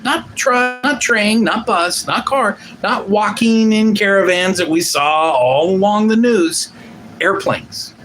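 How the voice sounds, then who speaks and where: A man's voice: a little high, a bit bright, slight background noise, low-quality recording. A man hosting a livestream, giving casual political commentary in a rambling, emphatic, profane way and answering viewer comments. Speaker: livestream host.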